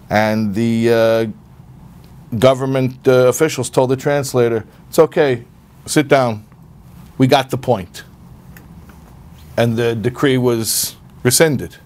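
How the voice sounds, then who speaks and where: This medium-pitched man teaches an informal Torah class at ease, like he's chatting. He tends to repeat words as he gropes for the right phrasing, and he performs the voices of whoever he's quoting.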